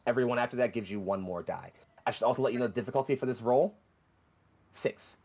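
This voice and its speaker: A man narrating a tabletop role-playing game as game master, with vivid, rushing descriptions. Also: mid-range voice, darkish tone.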